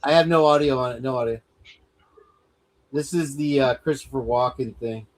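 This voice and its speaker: A man in casual chat, excitable and swearing, urging someone to play video clips. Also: mid-range voice, normal speed.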